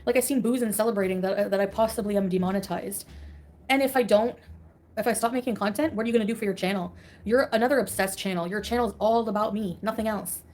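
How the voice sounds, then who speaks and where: A woman's voice: medium pitch, fast talker, darkish tone. A woman on a casual livestream, ranting bluntly and sarcastically and laughing often.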